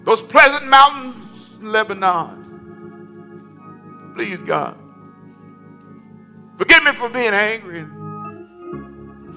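A man acting out an old prophet pleading with God, in slow, dramatic, remorseful prayer. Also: high-pitched, sharp tone, pitched above the performer's own voice, exaggerated voice.

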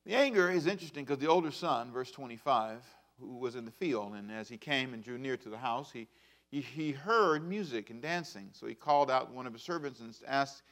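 A man in his fifties preaching a sermon as pastor, swinging between loud bursts and hushed asides. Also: medium pitch, brisk. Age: 50s.

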